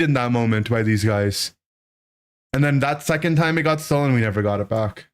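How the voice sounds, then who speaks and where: A man's voice: mid-range voice, normal speed. Rambling man telling a childhood story. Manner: animated, rambling, full of "right?" and "like". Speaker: streamer. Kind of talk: casual storytelling to a live chat.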